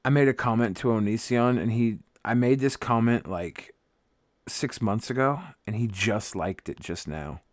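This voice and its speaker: At medium pitch and a normal speed, a worn-out, grouchy man talks casually with his live stream audience. He wanders from topic to topic, cursing and joking at his own expense, and the studio sound is clean with no room noise.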